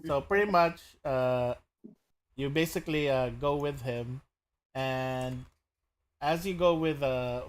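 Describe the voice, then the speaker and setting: A man narrating as game master of a tabletop game, hesitant, filling his speech with "uh" and "basically". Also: mid-range voice.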